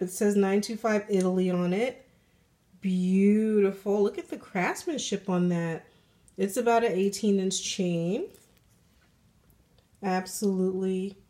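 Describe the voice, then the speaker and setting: A woman's voice: mid-range voice, a little mellow, a little hiss or hum. A woman unboxing jewelry in a casual vlog, gushing and thankful, at home in her apartment. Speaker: jewelry vlogger. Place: apartment with a train passing outside. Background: faint passing train.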